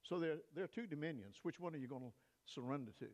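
An older man, a pastor, preaching an emphatic sermon in a church, swinging between loud peaks and hushed asides. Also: a little high, lively intonation, fast talker, dull audio. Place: church sanctuary. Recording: long reverb of a church hall.

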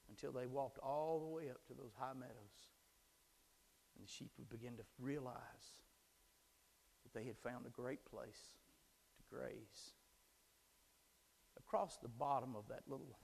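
A man preaching a sermon, moving from calm storytelling to fervent, shouted proclamation. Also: medium pitch, creaky, big-room sound. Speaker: pastor.

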